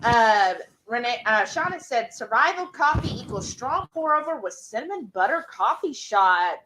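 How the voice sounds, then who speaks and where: A woman, co-hosting a live cooking stream and reading viewer comments aloud in a casual, unhurried way. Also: a little high, big pitch swings, bright, forceful tone, a little hiss or hum, low-quality recording. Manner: slow, unhurried, lots of ums.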